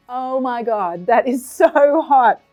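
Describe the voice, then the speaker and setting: A woman's voice: sits high, darkish tone. Flustered woman gasping through spicy noodles. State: mouth burning from chili, teary. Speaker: cooking show host. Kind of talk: casual food challenge chat. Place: kitchen studio.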